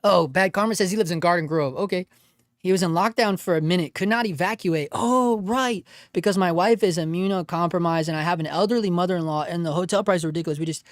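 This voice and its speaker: A man's voice: high voice, fast, no echo, studio quality. A man hosting a casual livestream, reading chat aloud in a laid-back way, laughing often and calling people dude and bro.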